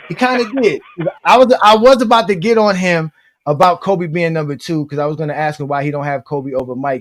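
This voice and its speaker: Chatty male channel host. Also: a little high. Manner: friendly, shout-outs, loose and chatty. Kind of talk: casual commentary to viewers.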